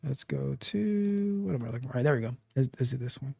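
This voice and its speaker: A man hosting a live tech stream, talking casually with animated, repetitive joking asides. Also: medium pitch, fast talker, gravelly, no room sound. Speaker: livestream tech show host.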